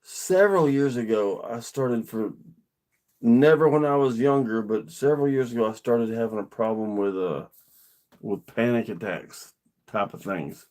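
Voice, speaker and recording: A man's voice: mid-range voice, moderate pace, a little mellow. A middle-aged man, telling a personal story to camera in an earnest, rambling, plainspoken way. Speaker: vlogger.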